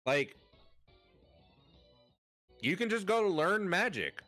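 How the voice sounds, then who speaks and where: A man streaming and chatting casually, rambling with lots of fillers and sudden excited bursts. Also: high-pitched, slow pace, no room sound, faint music behind.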